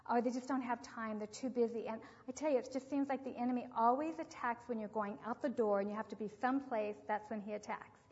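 A woman with a somewhat high voice teaches parents through personal stories. She acts out each voice in her anecdotes. The sound is dull and lo-fi, with a long reverb trailing her words. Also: fast talker, few pauses, a little mellow. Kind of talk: storytelling talk on parenting.

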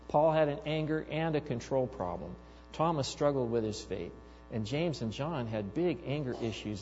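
A man preaching a sermon, telling stories with animated, acted-out quotes. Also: medium pitch, long reverb tail, muffled recording. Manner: animated storytelling, acting out quoted voices. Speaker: pastor.

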